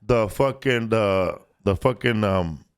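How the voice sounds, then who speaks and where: A man's voice: fairly low pitch, slow, gravelly, clear, resonant tone. Rambling, profane male podcast co-host. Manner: rambling, profane, lots of fillers and restarts. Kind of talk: casual podcast chat.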